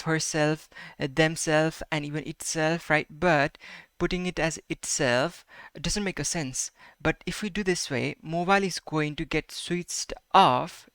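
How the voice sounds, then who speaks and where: Bright, crisp voice of a male Spanish teacher. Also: fairly high pitch, no room sound, studio quality. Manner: patient, repeats sentences slowly, checks with "right?" and "okay?". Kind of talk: explaining a grammar lesson.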